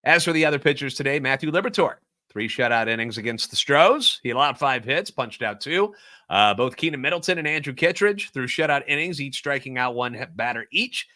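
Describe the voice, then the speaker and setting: A man's voice: mid-range voice, animated, fairly quick, bright, forceful tone. A man hosting a solo sports podcast, ranting sarcastically and animatedly about overreactions. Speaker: podcast host.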